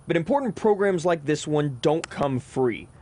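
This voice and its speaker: Young male TV sports reporter, bright upbeat read, higher voice. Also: animated, moderate pace, a little hiss or hum. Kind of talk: broadcast news reporting.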